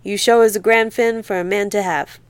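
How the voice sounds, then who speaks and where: This is a woman performing a young man in a storybook who is desperate to outrun a flood. He speaks with a rural Southern drawl, pressing and insistent. The voice stays smooth and dry, as if close to the mic. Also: medium pitch, fairly even intonation, brisk, no echo, lightly acted. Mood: urging.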